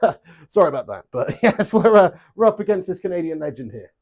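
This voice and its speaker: A man's voice: sits high, sing-song, a little fast, darkish tone. A young man hosting a live darts stream, chatty and joking, swearing freely and calling viewers lad and mate. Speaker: live stream host playing webcam darts. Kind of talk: casual live-stream chat.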